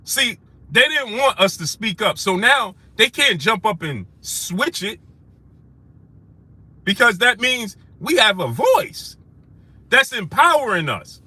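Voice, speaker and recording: A man hosting a live stream, shouting out viewers by name and repeating phrases for emphasis as he rises to heated outrage. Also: sits high, big pitch swings, slow pace, breathy edge, no echo.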